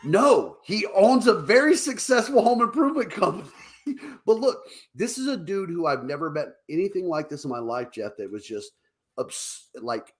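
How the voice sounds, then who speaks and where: A man co-hosting a casual talk show, telling stories over drinks, acting out quotes in higher voices and laughing often. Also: big pitch swings, moderate pace. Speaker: podcast co-host.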